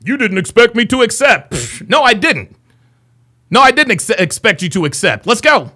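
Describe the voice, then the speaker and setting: Brash high-pitched streamer taunting his chat. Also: very animated, moderate pace, pushed and bright. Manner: brash, taunting, repeats himself. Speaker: livestream host. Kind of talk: heated livestream rant at chat.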